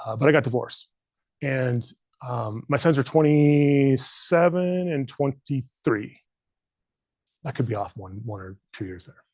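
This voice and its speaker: A man's voice: medium pitch, a little mellow, dry recording. Earnest middle-aged man in a dry room. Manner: earnest, candid, fighting back tears. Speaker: leadership trainer. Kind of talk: emotional workshop talk. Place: training room.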